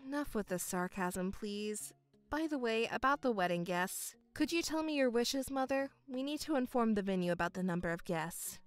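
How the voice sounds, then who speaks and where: A woman reading as a calm, patient young bride. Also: a little high, clean tone, no room sound, soft background music, close to an everyday voice. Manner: measured and restrained. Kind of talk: dramatized story reading.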